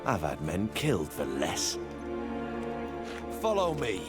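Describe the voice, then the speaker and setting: Scheming game crime boss, slow and cold, swings way up and down, music under it. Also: male voice, deep voice, huge pitch swings, exaggerated voice. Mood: contemptuous. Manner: menacing, measured and contemptuous. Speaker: villain in a video game.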